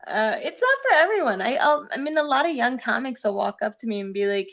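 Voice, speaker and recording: A woman's voice: a little high, sing-song, a little fast, a bit bright, muffled recording. A woman comedian chatting casually as a guest, talking with many fillers. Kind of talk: casual conversation.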